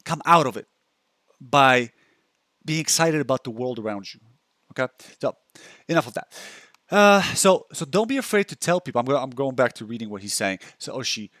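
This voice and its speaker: A man's voice: medium pitch, expressive, normal speed, fairly bright tone, no room sound, clean studio sound. A young man giving casual self-help advice and talking through a post, chatty, with many restarts, acting out the thoughts he describes. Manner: chatty, restarts a lot, acts out inner thoughts. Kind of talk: casual talk reacting to a post.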